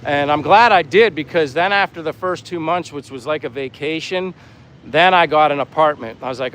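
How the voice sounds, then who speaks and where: A man's voice: on the high side, moderate pace, fairly bright tone, low-quality recording. A man in his fifties from Pennsylvania, chatting casually on a live stream while walking by the sea, rambling and friendly as he reads out viewer comments. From Pennsylvania, USA. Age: 50s. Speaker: vlogger, live-stream host. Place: outdoors by the sea in a town. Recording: faint outdoor noise, wind on mic. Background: breeze and faint street and boat sounds.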